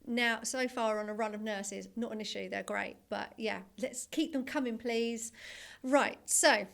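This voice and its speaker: A woman's voice: a little high, unhurried, creaky, a bit bright. A woman in her thirties with a Midlands English accent, co-hosting a podcast in bubbly casual chat. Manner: chatty, bubbly, breaks into sung jingles and put-on accents. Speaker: podcast co-host.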